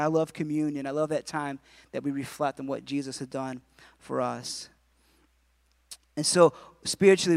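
A pastor in his forties, his voice high-pitched and the recording dry, delivers a sermon in a conversational style. He mixes in jokes and asides aimed at the congregation.

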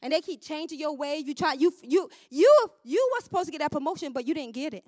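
Fervent high-voiced woman preacher. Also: animated, fast, no echo, studio quality. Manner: fervent, call-and-response preaching with swings from shouts to near-murmurs. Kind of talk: sermon.

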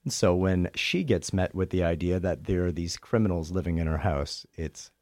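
A man with a Canadian accent, a stage actor chatting in an interview with animated, self-deprecating humor. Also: deep voice, normal speed, no echo, studio quality. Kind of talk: interview chat.

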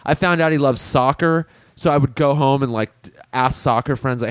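Podcast guy swearing a lot telling old job stories, middle pitch, dry close sound. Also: fairly quick, few pauses, no echo. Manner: profane, lively storytelling. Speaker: podcast co-host. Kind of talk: casual podcast storytelling.

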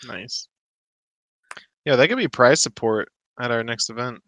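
A man's voice: mid-range voice, expressive, unhurried, fairly bright tone, dry recording. A man making brief, laid-back remarks in a casual podcast chat. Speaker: podcast co-host.

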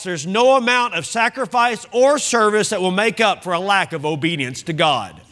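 A man's voice: sits high, lively intonation, normal speed, few pauses, a bit bright. A man preaching a sermon, reading scripture aloud and stopping to explain it to the congregation. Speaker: pastor. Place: church.

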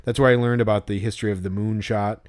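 A man's voice: lowish voice, steady tone, fast, a little mellow. A young man co-hosting a casual podcast chat, rambling with many fillers and acting out the voices he quotes. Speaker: podcast co-host.

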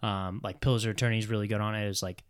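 A man casually chatting about video games as a podcast co-host, opinionated and measured. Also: lowish voice, fairly even intonation, smooth, dry recording, studio quality.

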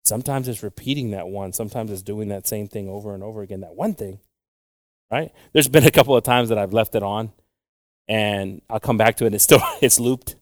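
A man's voice: lowish voice, fairly quick, no echo. Guy preaching a sermon, loose and chatty, laughs a bit, dry sound. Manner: casual, rambling preaching with chuckles and restarts. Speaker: pastor.

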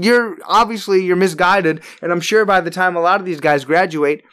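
A podcast host talks through a sports rant with plenty of emphasis. The voice sits at an ordinary middle pitch but leaps up and gets louder whenever a point needs stressing. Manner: emphatic, ranting, with big jumps in pitch and loudness on stressed words. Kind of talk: opinionated sports podcast monologue.

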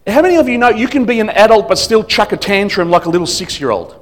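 This is a man giving a sermon as a guest pastor. His voice sits a little high for a man. He mixes humor into his stories and acts out the voices of the people in them. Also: expressive, fast talker. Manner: storytelling with humor and acted quotes.

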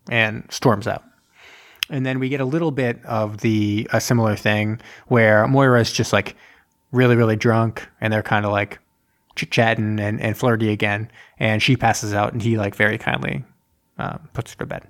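A man co-hosting a podcast, recapping a film in casual, rambling chat full of fillers and quick acted quotes. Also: on the low side, steady tone. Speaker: podcast co-host.

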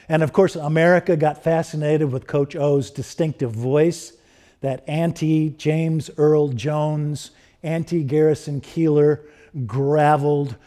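A middle-aged man preaching a sermon, building through repeated rhetorical questions and softening into personal stories. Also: medium pitch. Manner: rhetorical questions, rising emphasis. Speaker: pastor.

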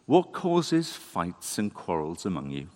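Man preaching in a church, low voice, unhurried, conversational and animated. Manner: conversational, animated, self-deprecating. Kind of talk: sermon.

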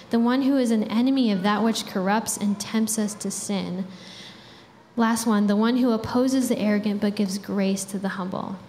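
A woman's voice: on the high side, dark tone. Young woman preaching in a reverberant hall. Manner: casual, chatty preaching with frequent fillers. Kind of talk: sermon. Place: church hall. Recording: reverberant hall with faint background noise.

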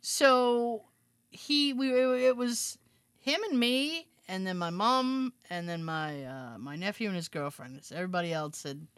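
A woman chatting casually on a talk show, acting out quotes with big jumps in pitch. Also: measured pace, fairly bright tone, smooth, no room sound. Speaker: co-host. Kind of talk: casual chat.

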